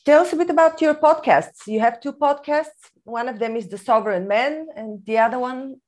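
Relaxed woman podcast host. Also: sits high, normal speed. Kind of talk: interview questions.

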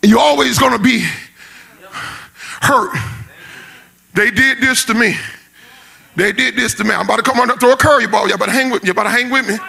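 A man preaching a sermon in a shouting, sing-song cadence, repeating phrases and calling out to the congregation in a folksy way. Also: very high-pitched, a little fast, gravelly, pauses often, slightly rough. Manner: folksy, repetitive call-outs to the congregation.

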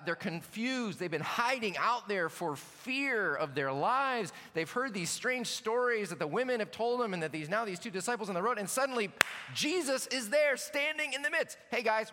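A man preaches a sermon, his bright voice swinging widely in pitch. He slips into playful acted asides, and his words ring with a long reverb from a large hall. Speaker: pastor.

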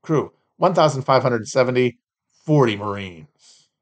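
A man's voice: mid-range voice, lively intonation, unhurried. A man hosting a solo podcast, reading out trading cards and mocking them with sardonic, profane, rambling asides. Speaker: podcast host.

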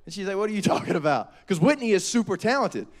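A young man, preaching a lively, joking youth sermon. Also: high voice, fast talker. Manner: animated, joking, quotes people in voices. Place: church hall.

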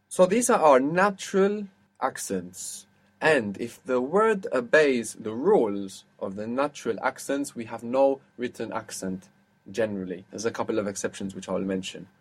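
A man leads an audio language lesson, explaining spelling and stress step by step. He pauses to quiz his student and walks through each answer patiently. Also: mid-range voice. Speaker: language teacher.

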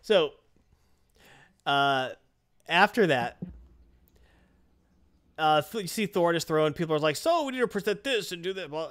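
A man hosting a casual chat, animatedly retelling a comic and acting out its lines. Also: medium pitch. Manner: animated retelling, acts out dialogue in quick voices. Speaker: podcast host recapping a comic.

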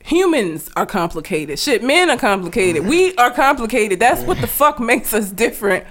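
Young female co-host, animated and ranty, bright high register, lots of laughter. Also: moderate pace. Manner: animated, laughing, swearing, ranting. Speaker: podcast co-host. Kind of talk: casual chat.

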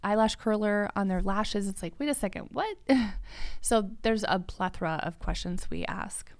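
A woman's voice: medium pitch, measured pace, clear, resonant tone, no echo. A woman who runs a lash studio, chatting casually about salon policy and often breaking into laughter and quoting clients. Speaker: lash studio owner, podcast co-host. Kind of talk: casual business chat.

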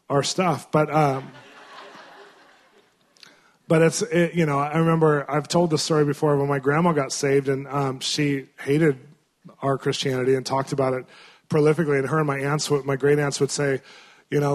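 A man preaching in an animated storytelling way, swinging between excited and hushed. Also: on the high side. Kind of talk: storytelling sermon.

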